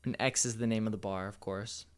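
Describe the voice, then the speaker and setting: A man's voice: fairly low pitch, fairly even intonation, brisk, clear, resonant tone. A man giving casual, playful dating advice as a coach, with a slightly cocky manner.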